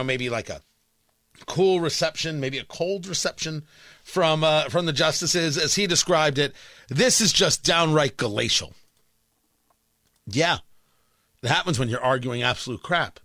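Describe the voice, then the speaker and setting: Emphatic high-voiced talk radio host. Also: male voice, sharp tone, no echo, studio quality. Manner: emphatic, combative, repeats short demands. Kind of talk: opinionated talk radio monologue. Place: radio studio. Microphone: studio microphone.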